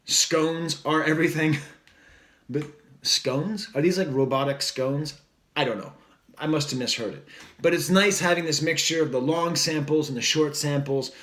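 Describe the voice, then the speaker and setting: Man, casual record review, rambling, enthusiastic, slightly high voice, echoey room. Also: moderate pace, a bit bright. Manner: rambling, filler-heavy, enthusiastic, jokey asides. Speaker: music reviewer.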